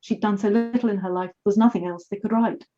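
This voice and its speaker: A woman author reading aloud from her novel in a measured, careful way over a video call. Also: medium pitch, steady tone, highs cut off, over music.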